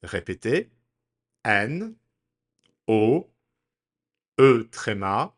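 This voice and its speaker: A man teaching French pronunciation, speaking deliberately and spelling words out letter by letter in a slow drill. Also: fairly low pitch, sing-song.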